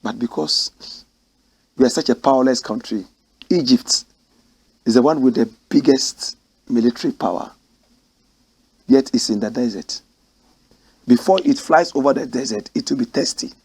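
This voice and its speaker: A man's voice: medium pitch, normal speed, vocal fry, pauses often, a little mellow, husky. A man who hosts a commentary show, reading news reports aloud and breaking into emotional, ranting remarks. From Ghana. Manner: emotional, rants and exclaims between read passages.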